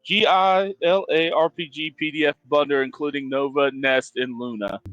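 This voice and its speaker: A man's voice: fairly high pitch, steady tone, a bit bright, no echo, dull audio, faint music behind. A man hosting a charity stream, introducing the players in a flustered, self-mocking way. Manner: slow, self-deprecating, flustered. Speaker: stream host. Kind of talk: casual livestream chat.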